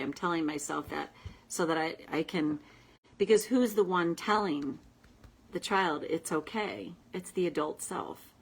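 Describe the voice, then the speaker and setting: A woman coach talks to her viewers in a relaxed, conversational livestream style. Her voice sits a little low, and at times she lowers it to a soft, reassuring whisper. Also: normal speed, poor audio. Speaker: self-help coach and host.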